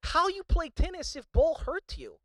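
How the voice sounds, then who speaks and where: A man doing a gruff Czech tennis coach. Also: extremely high pitch, wildly swooping pitch, normal speed, fairly bright tone, dry recording, studio quality, pitched above the performer's own voice, exaggerated voice. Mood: scolding. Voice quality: broken English, clipped commands. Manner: scolding, barking short questions. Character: stern foreign male tennis coach, blunt.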